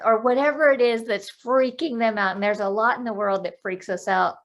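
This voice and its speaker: Woman, life coach guest on a video-call podcast; gravelly, practical, counts breaths aloud. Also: a little high, steady tone, moderate pace, hardly any pauses. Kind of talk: podcast interview, explaining calming techniques.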